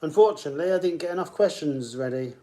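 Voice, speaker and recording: Casual male quiz host, upbeat and higher-pitched, chats with players between questions. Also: animated, quick pace, dark tone. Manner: chatty, greets players by name between questions. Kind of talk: live-streamed pub quiz hosting.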